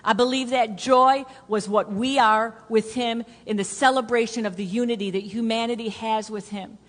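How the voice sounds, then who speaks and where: Woman pastor, sermon delivery, earnest repeating cadence with hushed drops, lingering hall echo. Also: on the high side, fairly even intonation, moderate pace. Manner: earnest, repetitive preaching cadence that drops to a hush for emphasis. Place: church sanctuary. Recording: long hall reverb.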